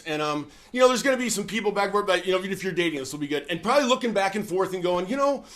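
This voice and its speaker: A man hosting a relaxed chat with his wife, a former pastor who tells stories in a folksy, animated way with plenty of fillers. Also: sits high. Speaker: host. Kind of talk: casual chat with joke telling.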